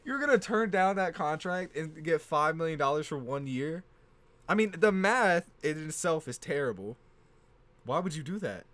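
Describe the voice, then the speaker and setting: A teenage boy co-hosting a casual sports podcast, animated and prone to stumbling over player names. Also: on the high side, normal speed, no room sound. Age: teens. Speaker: podcast co-host.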